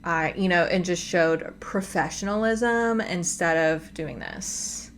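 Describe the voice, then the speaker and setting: A woman's voice: lowish voice, noisy background. A woman hosting a reaction commentary from her home desk, talking emphatically and with exasperation. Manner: exasperated, emphatic, fast asides. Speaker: commentary host. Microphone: desk microphone.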